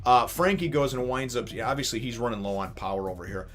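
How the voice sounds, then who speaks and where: A man casually reviewing a comic chapter, animated and rambling, often laughing as he retells it. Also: medium pitch, fast talker, soft background music. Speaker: manga review channel host.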